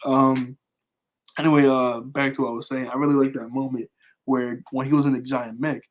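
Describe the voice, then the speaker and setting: A man chatting casually in a fan review, rambling with many fillers and quick chuckles. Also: medium pitch, flat delivery, poor audio. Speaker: anime vlogger.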